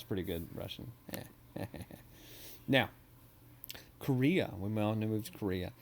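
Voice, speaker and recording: A man's voice: on the low side, a little slow, slight background noise. A man history teacher giving a casual, joking recorded lecture over slides, with many ums and uhs.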